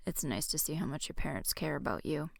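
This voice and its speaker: Woman voicing a soft-spoken teasing young boyfriend. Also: deep voice, expressive, fast, creaky, no room sound, clean studio sound, full character voice. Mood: affectionate.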